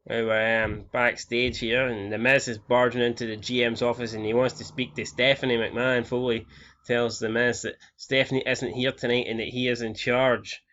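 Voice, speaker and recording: A man's voice: mid-range voice, little pitch movement, moderate pace, a bit bright, muffled recording. A man in his twenties from Scotland, casually commentating on a game he is playing, swearing freely and reading out scores and ratings. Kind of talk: casual let's-play commentary.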